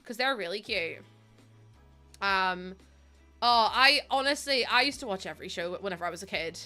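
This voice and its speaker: A woman's voice: mid-range voice, expressive, normal speed, sharp tone, faint music behind. A young woman live streaming, chatty and giggly as she greets viewers, sounding sniffly and close to tears. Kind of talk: casual live-stream chat.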